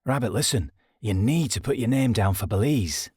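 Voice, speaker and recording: A man voicing a practical, down-to-earth young female soldier, brisk and matter-of-fact. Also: mid-range voice, expressive, a little mellow, slightly rough, dry recording, studio quality. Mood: urgent.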